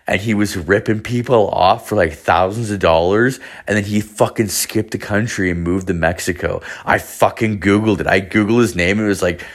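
Young guy with a low voice rambling through a story, swearing a lot, likes to quote his buddies. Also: moderate pace, hardly any pauses. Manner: profane, rambling, heavy filler words; acts out quoted friends in his own voice. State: hungover. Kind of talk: casual storytelling monologue.

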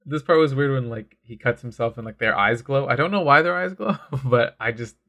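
A man talks in loose, excitable casual chat, piling up fillers and the odd curse. His voice sits at an ordinary middle pitch. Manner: excited, fast, full of filler words and swearing. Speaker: comic discussion co-host.

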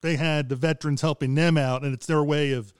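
A man's voice: a little high, fairly even intonation, brisk, clear, resonant tone, dry recording, studio quality. A man interviewing a guest in a chatty, casual way, often restarting his sentences.

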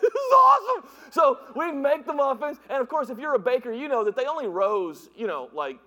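A middle-aged man preaching in a church, with a strikingly high voice for a man. His sermon is playful and animated, full of jokes and stories told in other people's voices. Long reverb from the church hall trails behind his words. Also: fairly quick. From northern United States. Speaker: pastor. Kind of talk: humorous sermon with storytelling. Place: church sanctuary.

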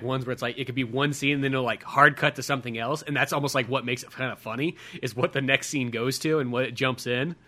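A man co-hosting a podcast joins in on film talk, searching for words and leaning on fillers. His voice sits at a middle pitch and has a bright tone. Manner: hesitant, many fillers. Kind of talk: casual film review chat.

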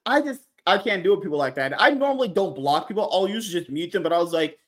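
A man co-hosting a casual podcast, telling stories in a laughing, animated way. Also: sits high, quick pace. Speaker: podcast co-host.

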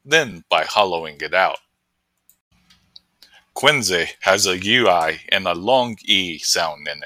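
A man voicing an excitable male Australian outdoors presenter who rambles through a pronunciation lesson. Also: deep voice, no room sound, heavily acted. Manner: excitable, rambling tutorial patter.

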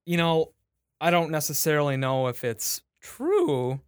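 Smooth-voiced man retelling a comic. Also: fairly high pitch, very animated, measured pace, no room sound, studio quality. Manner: retelling a comic with lots of fillers and restarts. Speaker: podcast producer and guest. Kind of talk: casual podcast chat.

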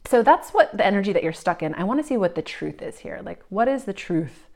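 A woman giving a psychic reading, talking in a searching, meandering way with many fillers, often drifting soft and reflective. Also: medium pitch, big pitch swings, brisk. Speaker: psychic reader.

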